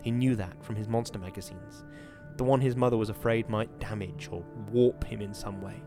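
A man hosting a podcast, giving a measured, dramatic reading of a horror novel and then chatting about it. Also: fairly low pitch, steady tone, over music. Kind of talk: dramatic reading and casual commentary.

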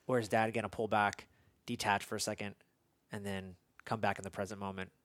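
A man's voice: lowish voice, little pitch movement, fairly quick, no room sound. A man in his thirties hosting an interview, earnest and rambling, with many restarts as he reflects on parenting. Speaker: podcast host and father. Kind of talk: conversational interview.

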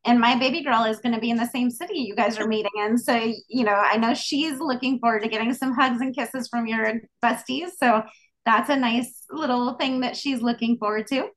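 A woman's voice: fairly high pitch, a little fast. A middle-aged woman co-hosting a casual podcast over a video call, a little tired, chatting with laughs and many fillers. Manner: warm, laughing, rambling with fillers. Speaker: podcast co-host. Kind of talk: casual chat over beer.

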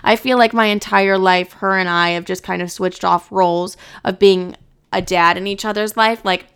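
A woman's voice: mid-range voice, steady tone, normal speed, a bit bright, smooth. A young woman talking candidly to her viewers in a casual, blunt way, swearing freely and filling with "like". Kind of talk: candid personal monologue.

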